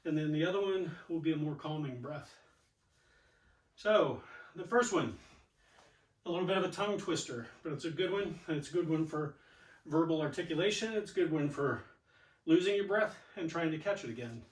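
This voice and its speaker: A man's voice: fairly high pitch, moderate pace, pauses often. A man leading a yoga and exercise class, chatty and encouraging as he talks through each cue. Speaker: yoga and fitness instructor. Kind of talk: guided exercise instruction. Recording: echoey room, mic at a distance.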